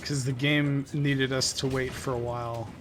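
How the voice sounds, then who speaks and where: A man's voice: medium pitch, level tone, moderate pace, over music. A man playing a game while chatting casually, easygoing. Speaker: podcast co-host playing the game. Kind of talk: casual chat over gameplay.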